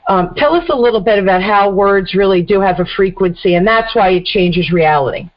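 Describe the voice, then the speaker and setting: A middle-aged woman hosting a radio talk show, telling a story in a casual, animated way. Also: medium pitch, a little fast. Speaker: host. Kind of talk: casual chat. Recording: dull lo-fi radio audio.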